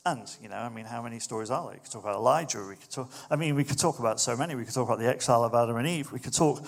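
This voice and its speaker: Gravelly man preaching a casual sermon. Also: medium pitch, very fast. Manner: conversational, animated when quoting others. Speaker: pastor.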